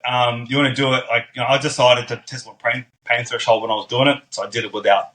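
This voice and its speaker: A podcast guest with a mid-range voice talks fast as he casually tells stories. He's animated, acting out the voices of the people he quotes.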